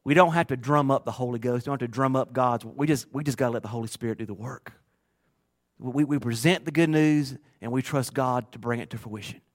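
A man pastor preaching a sermon through personal stories, earnest and emotional, moving from quiet to loud. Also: medium pitch, brisk. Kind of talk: storytelling sermon.

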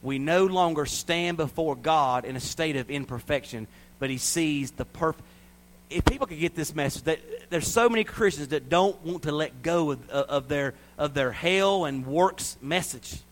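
A man from the American South preaching a sermon, swinging from loud, high-pitched exhortation to hushed intensity. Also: normal speed. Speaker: pastor.

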